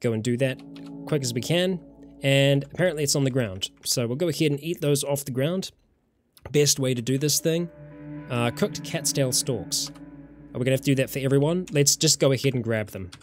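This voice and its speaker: A man from New Zealand, speaking with a New Zealand accent, casually commentates on a survival game during a live stream and chats with viewers. His voice is medium-pitched and fairly quick, with soft background music behind him.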